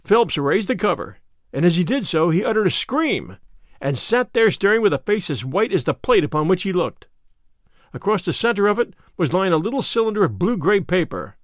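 A man narrating an audiobook in a measured, lively way. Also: high-pitched, no echo, clean studio sound. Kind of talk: storytelling narration.

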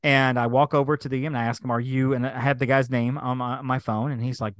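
A man co-hosting a podcast, telling a travel mishap as a lively story and acting out the back-and-forth. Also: mid-range voice, a little fast, hardly any pauses, no echo, clean studio sound. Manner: animated storyteller, acts out quoted exchanges. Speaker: podcast co-host. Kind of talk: casual chat, storytelling.

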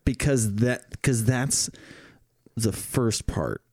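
Relaxed male podcast co-host, unhurried and musing, lively pitch. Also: dry recording, clean studio sound. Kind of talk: casual chat.

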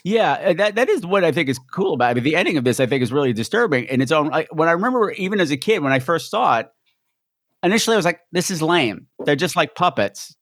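A man's voice: a little high, very animated, fast, fairly bright tone, dry recording. Man, podcast host, campy, theatrical, dry close mic. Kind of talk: casual chat.

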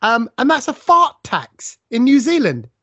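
A man's voice: very high voice, huge pitch swings, measured pace, fairly bright tone, slightly rough, no room sound. A man, co-hosting a casual podcast chat and telling stories with plenty of asides. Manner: chatty, tells stories with asides. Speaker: podcast co-host. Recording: dull lo-fi sound.

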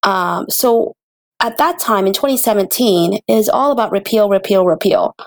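Woman, interview guest, earnest and passionate, gravelly, dry close sound. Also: mid-range voice, normal speed, no echo. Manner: earnest, passionate, gets emotional. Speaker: healthcare advocate, guest. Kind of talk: interview conversation.

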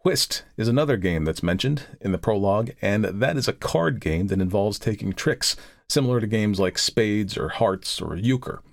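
A man from the United States hosting a podcast, chatting casually and then reading a classic story in a measured voice. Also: fairly low pitch, lively intonation, vocal fry, dry recording. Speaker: podcast host and narrator.

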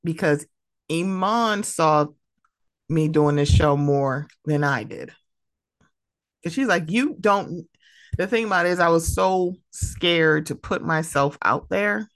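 A woman hosting her own podcast in a casual, animated, emotional way, laughing often. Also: sits low, takes it slowly, dry recording, clean studio sound. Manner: animated, laughing, emotional, mimics friends' voices. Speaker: podcast host. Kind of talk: casual solo podcast talk.

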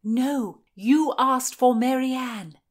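A woman voicing a determined young gentlewoman who speaks briskly and persuasively in a raised voice. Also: high voice, pitched above the performer's own voice, full character voice. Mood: insistent.

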